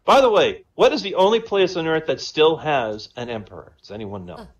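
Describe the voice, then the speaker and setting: A man's voice: a little high, expressive, brisk, highs cut off. A man telling a string of jokes in casual style, chatty and laughing at his own punchlines. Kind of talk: casual joke-telling on a voice chat. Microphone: online voice chat.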